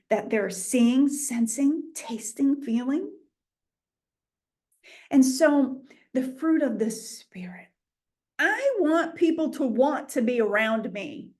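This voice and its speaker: A middle-aged woman with a New England accent, teaching an informal Bible lesson in an animated way and acting out imagined voices. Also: on the high side.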